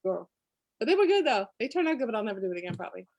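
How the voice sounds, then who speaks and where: A woman's voice: on the high side, big pitch swings, racing, darkish tone, no room sound, muffled recording. A woman guest chatting casually in an interview, telling stories and laughing often. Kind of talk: casual chat. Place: lives in Florida.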